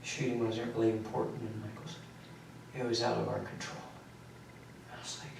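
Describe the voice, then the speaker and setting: A man in his late teens, tired and worn out, recounting events in a halting, rambling way while being questioned by police. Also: fairly low pitch, flat delivery, creaky, noisy background. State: exhausted. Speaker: suspect under questioning. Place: police interrogation room. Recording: echoey room, mic far off.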